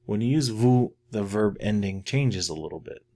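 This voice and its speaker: A middle-aged man teaching a French lesson, patiently repeating each phrase slowly and more loudly so learners can practice. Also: lowish voice, lively intonation. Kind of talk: slow spoken language lesson.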